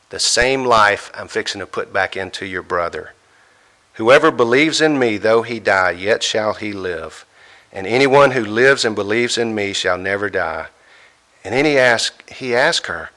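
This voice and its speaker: A man preaching a sermon, emphatic, pausing dramatically as he quotes scripture. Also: mid-range voice, a bit bright.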